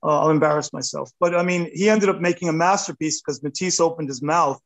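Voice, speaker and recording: A man in his fifties chats as an interview guest, rambling and self-deprecating. His voice sits a little high for a man. He gets animated as he talks. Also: fairly quick, poor audio. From United States. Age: 50s. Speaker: artist guest. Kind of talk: casual interview chat.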